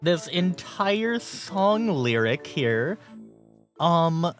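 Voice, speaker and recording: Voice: mid-range voice, very animated, extremely slow, faint music behind. A livestream host casually reading chat messages aloud, often swearing and laughing in disbelief.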